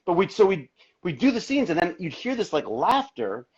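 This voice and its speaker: A man guesting on an interview, telling stories in an animated, rambling way with many restarts, heard over a video call. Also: sits high, moderate pace, slightly rough. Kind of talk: casual interview chat. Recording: dull lo-fi social media livestream audio.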